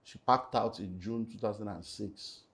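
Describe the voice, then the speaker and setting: A man's voice: on the low side, normal speed. Nigerian man telling a painful story. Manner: animated storytelling, mixes in Nigerian Pidgin, swings between loud and hushed. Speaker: pastor and relationship speaker. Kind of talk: emotional personal testimony in an interview.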